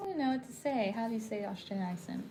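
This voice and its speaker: A woman's voice: fairly high pitch, fast talker, warm tone, slight background noise. A woman co-hosting a casual livestream chat, playful and giggly, trying out silly accents as she talks. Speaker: livestream co-host.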